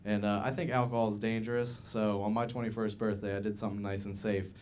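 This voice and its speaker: A man's voice: fairly low pitch, level tone, quick pace, a little mellow, slight background noise. A man in his twenties performing a stand-up set at a comedy club, rambling and laid-back with lots of "uh" and "like". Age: 20s. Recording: live club recording with audible audience laughter. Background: audience laughter.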